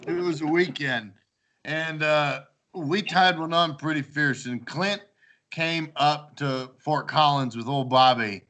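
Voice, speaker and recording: Bright-voiced man telling party stories. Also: fairly high pitch, slow pace. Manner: animated, acts out quoted lines, laughs often. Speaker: storyteller among old housemates. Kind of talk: casual storytelling chat.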